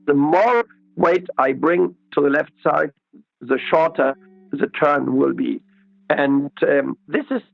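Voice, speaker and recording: Brief: male riding expert guest, fairly high voice with heavy gravel, slow methodical explainer, dry dull lo-fi sound. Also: dry recording. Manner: slow, methodical, repeats key words. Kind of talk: interview explanation.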